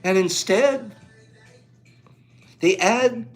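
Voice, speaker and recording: Man reading aloud, unhurried, sentimental asides, laughing, close to tears. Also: a little high, very animated, a bit bright, soft background music. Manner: gushing, gets carried away, near tears; laughs often, talks to listeners. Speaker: book reader. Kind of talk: reading aloud with emotional commentary.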